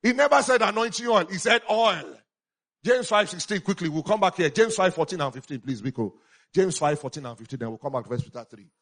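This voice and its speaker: A man preaching a sermon as a pastor, animated, swinging between loud exclamations and quiet asides. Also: high voice, quick pace.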